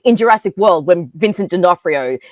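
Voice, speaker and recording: A woman, co-hosting a casual film review chat, talking in an animated way with many fillers. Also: lowish voice, fairly quick, no echo. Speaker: podcast co-host.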